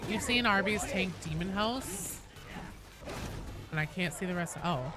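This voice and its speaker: A young woman streaming a game, chatting casually, reading chat aloud, swearing and breaking into excited squeals. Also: mid-range voice, unhurried, over music. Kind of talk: casual gaming livestream chat.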